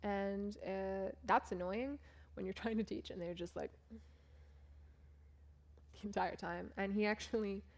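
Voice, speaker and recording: A woman's voice: medium pitch, steady tone, a little slow, long pauses. Chatty woman telling stories. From United States. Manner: chatty, full of "like" and "um", acts out what others said. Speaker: volunteer teacher telling about a trip. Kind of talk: casual storytelling talk over photos.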